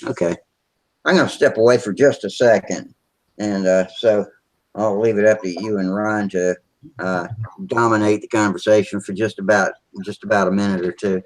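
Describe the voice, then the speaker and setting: A man's voice: on the low side, fairly even intonation, moderate pace, no room sound. A man hosting a casual video call hangout, rambling along as he fumbles with his computer. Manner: rambling, narrates his own computer trouble. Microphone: computer mic on a video call.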